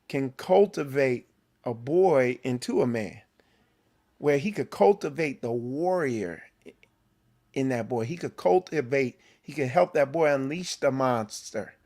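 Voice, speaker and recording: A man holds forth on his faith show in a slow, deliberate delivery. His voice sits slightly high for a man, and he leans hard on key words, often repeating and restarting phrases as he builds his point. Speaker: host of a men's faith show. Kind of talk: preachy motivational talk.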